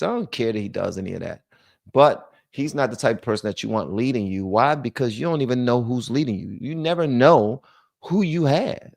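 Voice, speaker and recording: Gravelly man ranting on a livestream. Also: no echo, clean studio sound. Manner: animated, switches between loud rants and low muttering. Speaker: livestream host. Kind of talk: casual political commentary livestream.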